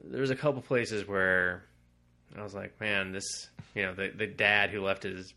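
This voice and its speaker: Podcast co-host, male, low gravelly voice, bright tone, rambling casual chat. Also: normal speed. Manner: rambling, laughs often, quotes characters in mock voices. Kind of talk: casual chat about comics.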